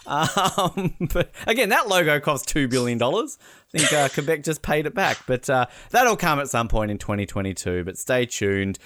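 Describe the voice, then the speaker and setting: A man hosting a casual podcast, jokey and quick to laugh. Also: a little high, very animated, a bit bright, no echo, clean studio sound. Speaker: podcast host.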